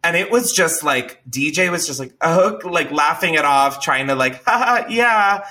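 A young man hosting a podcast, telling a story casually in an animated way, swearing and laughing often. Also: fairly high pitch, normal speed. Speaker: podcast host.

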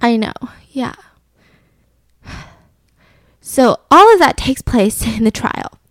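A woman co-hosting a casual podcast, telling a true crime story with lively acted-out quotes and frequent swearing. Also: a little high, takes it slowly, no room sound. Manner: animated storytelling, acts out quotes, swears freely. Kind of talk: casual chat.

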